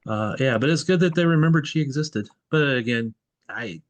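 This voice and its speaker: A man's voice: mid-range voice, normal speed, no echo, muffled recording. A man hosting a soccer podcast in casual chat, thinking aloud and correcting himself as he goes. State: tired. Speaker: podcast host.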